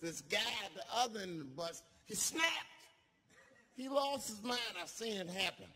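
Animated comedian with a high lively voice. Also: male voice, normal speed. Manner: animated, acting out characters with shouts and gasps. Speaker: stand-up comedian. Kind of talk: stand-up storytelling. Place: comedy stage before a live audience.

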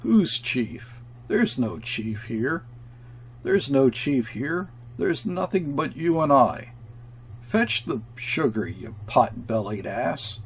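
A bitter, mocking trading-post man, voiced by a male reader, who jeers and bellows at his companion. The voice stays husky and gravelly, with an unhurried pull. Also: medium pitch, big pitch swings, full character voice. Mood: furious. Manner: sneering and shouting. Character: brash, mocking middle-aged European trading-post man.

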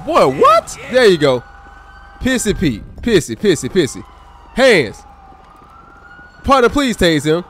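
Pausing often at a measured pace, a man with a high-sitting voice role-plays a state trooper on a live stream of a police game. He's animated, chatting with viewers and exclaiming at characters, with faint music playing behind him.

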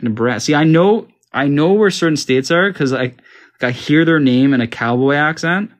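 A man's voice: fairly high pitch, animated, normal speed. A man from Canada, casually talking to himself while playing a map quiz game, confused and joking. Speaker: gamer. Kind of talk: casual gaming commentary.

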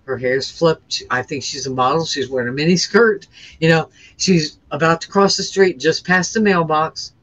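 A woman's voice: deep voice, moderate pace, lo-fi sound. A woman guest earnestly recounting her near-death experience, intense and emotional, often restarting her sentences. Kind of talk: emotional first-person storytelling.

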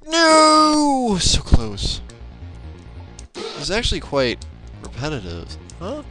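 A young man casually commenting on a platform game, excitable, muttering and swearing at it, recorded on a laptop microphone. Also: mid-range voice. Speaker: let's play gamer.

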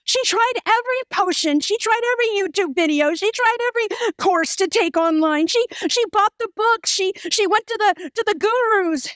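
A woman pastor delivers a fervent sermon, her high voice driving phrases home through repetition. The sound is dry and close, with little room around it. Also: animated, moderate pace, few pauses, fairly bright tone, no room sound. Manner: passionate, emphatic preaching with repeated phrases.

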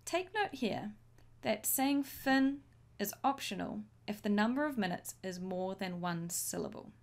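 A woman teaching a language lesson, modelling each phrase slowly and clearly for learners to repeat. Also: medium pitch, lively intonation. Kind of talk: slow, deliberate language lesson.

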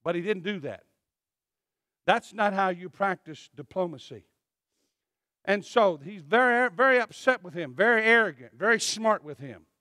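High, lively male pastor preaching. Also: moderate pace, no room sound, clean studio sound. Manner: emphatic, swinging from loud to hushed. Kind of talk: sermon. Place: church.

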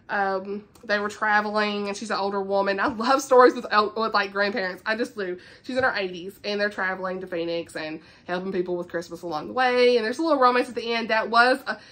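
Bright-voiced gushing woman book vlogger. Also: medium pitch. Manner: gushing, enthusiastic, with filler likes. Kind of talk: casual book chat with a read-aloud passage.

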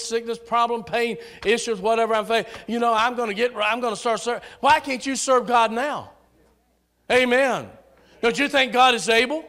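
A man preaching a sermon in a church with a Southern American accent, rousing and calling out to the congregation. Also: extremely high pitch. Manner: rousing preacher, rising to shouts on key lines. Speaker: pastor. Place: church sanctuary.

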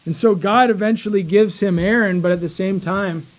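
A man with a high, light voice delivers a sermon in a small church. He speaks earnestly, dropping into slow, deliberate phrasing with pauses to drive each point home. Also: low-quality recording. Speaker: preacher.

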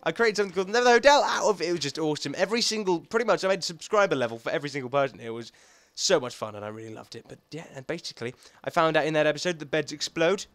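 A young man talking to himself as he plays a video game, rambling and excitable, thinking aloud as he goes. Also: on the high side, racing, dry recording. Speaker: gaming YouTuber. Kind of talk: let's play commentary.

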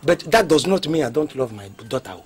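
A man's voice: fairly high pitch, sing-song, a little fast. A tight-fisted Nigerian father who talks his way around every demand in a slightly raised, wheedling voice. He is comic and evasive. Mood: defensive. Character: stingy, evasive middle-aged father.

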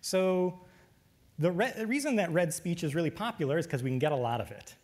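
A man giving a technical lecture, relaxed, with frequent fillers. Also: a little high, brisk.

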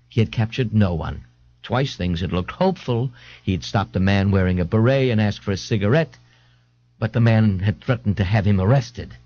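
A man narrating an audiobook in an expressive, theatrical reading style. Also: mid-range voice, dry recording. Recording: dull lo-fi dry studio tape.

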